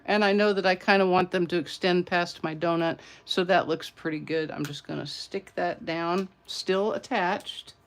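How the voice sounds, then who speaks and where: A woman demonstrating card-making in a casual, chatty tutorial, greeting her viewers and drifting into side stories. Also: on the low side. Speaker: papercraft demonstrator.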